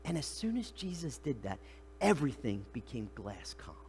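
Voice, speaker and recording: A man's voice: medium pitch, normal speed, long reverb tail, slight background noise. A middle-aged man preaching a sermon in a church. He talks in a conversational way, asks the congregation questions and acts out the voices of the people in the story. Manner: animated, acts out voices of the disciples and Jesus. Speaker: pastor. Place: church sanctuary.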